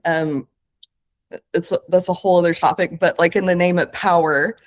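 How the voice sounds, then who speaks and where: Woman, late thirties, podcast guest; earnest and reflective, a bit lower voice, talks through her thoughts with fillers. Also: steady tone, moderate pace. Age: 30s. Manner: earnest, searching, lots of fillers and self-corrections. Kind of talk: reflective conversational interview.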